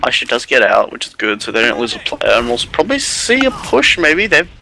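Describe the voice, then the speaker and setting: A man casting a live online game match, calling the play quickly and chatting with his co-caster. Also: medium pitch, wildly swooping pitch, vocal fry, sharp tone, slight background noise, poor audio. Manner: quick, chatty, laughs often. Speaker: esports caster.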